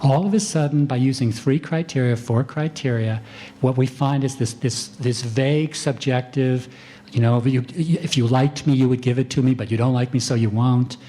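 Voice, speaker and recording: A man, a physician, giving a conference lecture in a calm, conversational manner, acting out doctor-patient exchanges. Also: mid-range voice, slight background noise. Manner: calm, unhurried delivery.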